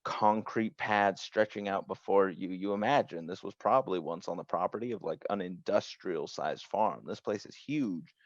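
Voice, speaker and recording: A man narrating as game master for a tabletop game, slow and halting with many restarts. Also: low voice, no room sound. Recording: dry, dull lo-fi sound.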